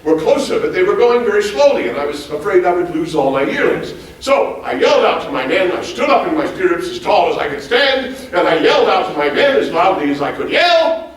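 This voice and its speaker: An actor playing a hearty, bookish former president on stage, quizzing a live audience in formal, old-fashioned phrasing. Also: male voice, high voice, brisk. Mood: spirited. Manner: animated, quizzes the audience with lively questions. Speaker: historical reenactor on stage. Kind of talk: live one-man stage portrayal. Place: large auditorium stage before a live audience. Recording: very echoey hall, mic far off.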